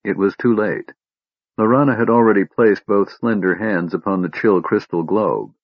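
Audiobook narrator: man, low husky voice, steady measured reading, dry dull recording. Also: no room sound. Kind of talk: scripted fantasy narration.

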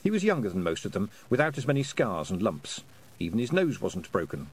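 A man's voice: lowish voice, sing-song, brisk, husky. A man reading a story aloud in a dry, wry narrating manner. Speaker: audiobook narrator. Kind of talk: scripted narration.

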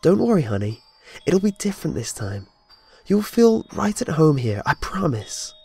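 Creepy sing-song caseworker lady, man putting her on, fake-sweet, higher voice. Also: sing-song, normal speed, creaky, a little mellow, breathy edge, soft background music, heavily acted. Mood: falsely sweet. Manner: falsely soothing, sing-song. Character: sweet-talking sinister woman caseworker.

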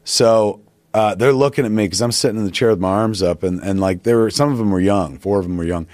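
Casual male storyteller, swears a lot, rambles; low voice, dry close mic. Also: fast, darkish tone, no room sound. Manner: profane, rambling anecdote with acted-out quotes. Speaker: podcast guest.

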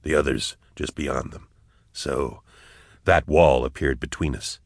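A man voicing a calm, hardened soldier who speaks low, hushed and terse. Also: unhurried, vocal fry, no echo, studio quality, full character voice. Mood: steady.

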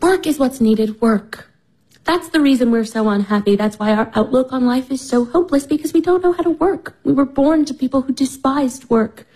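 A woman's voice: high voice, moderate pace, slightly rough, rough recording. An actress in her twenties playing a wistful, restless young woman longing for purpose, in a radio drama. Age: 20s. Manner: soft and brooding.

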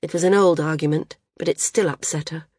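A woman reading a novel aloud as an audiobook narrator, in a measured, unhurried storytelling manner. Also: deep voice, fairly even intonation, a little mellow, no echo, clean studio sound. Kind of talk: scripted narration.

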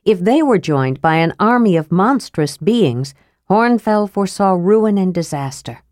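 A woman narrating a fantasy audiobook in a steady, even reading voice. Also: mid-range voice, a little slow, no room sound, studio quality.

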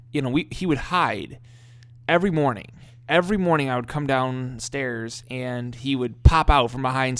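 In a relaxed podcast conversation, a co-host with a smooth, mid-range voice shares funny family stories. He tells them in an animated way, laughing a lot and often starting sentences over.

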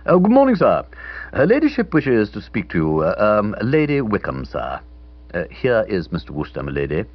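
A stiff, deferential butler on the telephone, as a male narrator puts him on, polite and a little halting, with a husky edge and lively jumps in pitch. The sound is dull and lo-fi. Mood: formal.

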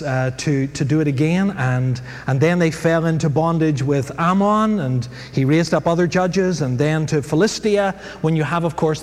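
A man's voice: on the high side, a little mellow. A man teaching a casual Bible class, telling the story with jokes, sound effects and many fillers. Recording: hall reverb, faint background noise.

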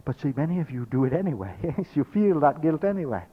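A man's voice: fairly high pitch, very animated, quick pace, husky, narrow, tinny audio. A man teaching a spiritual workshop, speaking as "we", emphatic and repetitive, acting out his listeners' thoughts. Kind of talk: workshop lecture to an audience.

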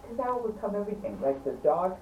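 A woman telling a personal story in casual conversation, emphatic and animated, repeating words for stress and laughing between phrases. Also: mid-range voice, fast, phone-quality sound. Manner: animated, chatty, laughs mid-sentence. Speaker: storyteller recounting an accident. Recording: roomy, distant mic, faint background noise.

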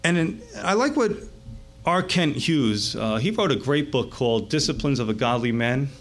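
A man pastor preaching a sermon in a conversational, animated way that keeps checking in with the listeners. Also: mid-range voice, normal speed.

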